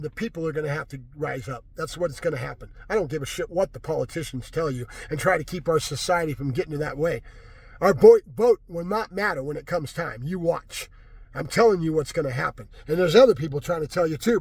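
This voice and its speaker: An agitated man vents in an angry political rant, circling back again and again with "right?". His voice sits high for a man and has a husky edge. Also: fairly quick, a little mellow, no echo. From California. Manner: agitated, repetitive, keeps asking "right?". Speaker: vlogger.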